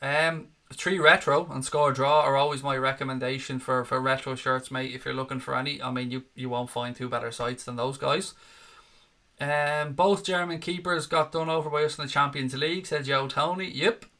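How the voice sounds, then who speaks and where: A man's voice: medium pitch, steady tone, moderate pace, sharp tone. A man hosting a casual fan chat show, reading viewer comments with sarcastic, sweary jokes.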